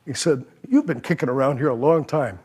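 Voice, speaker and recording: An older man on a policy panel speaks in a mid-range, animated voice, brisk, a little mellow and slightly rough. He tells anecdotes, acts out the people he quotes, and chuckles at his own stories.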